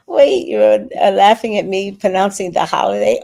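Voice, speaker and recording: A woman's voice: mid-range voice, unhurried, gravelly, mellow, dry recording. A woman in her sixties hosting a casual livestream, reading viewer comments aloud and chatting about movies. She says she is tired. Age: 60s. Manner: chatty, reacts to viewer comments with laughter and sudden sung bits. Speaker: livestream host reading chat.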